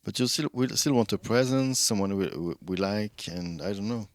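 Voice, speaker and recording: While streaming a game, a man with a lowish voice chats casually with viewers at a moderate pace, thinking aloud about his moves. He rambles and keeps restarting his sentences, and there's no echo on the recording.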